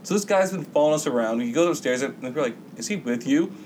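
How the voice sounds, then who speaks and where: A man's voice: a little high, expressive, fast talker, darkish tone, slight background noise, poor audio. A man co-hosting a podcast, telling a rambling, profane story in casual chat and acting out the voices of the people in it. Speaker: podcast co-host.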